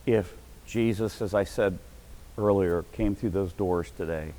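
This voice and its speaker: A middle-aged man preaching a sermon as pastor, breaking into sudden shouted bursts of excitement. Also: low voice, measured pace, poor audio.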